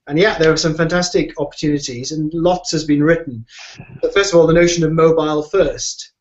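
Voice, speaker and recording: A man's voice: a little high, a little mellow. A man answering questions in an online discussion, talking in a rambling way with many restarts and fillers. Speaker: guest expert on design. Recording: muffled lo-fi audio.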